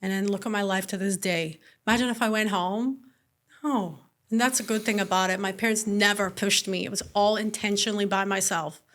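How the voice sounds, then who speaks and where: A woman's voice: mid-range voice, brisk. A young woman, originally Scottish but now sounding mostly American, telling stories animatedly in a casual interview with lots of "like" fillers. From Scotland. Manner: animated storyteller, frequent "like" fillers. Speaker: guest entrepreneur.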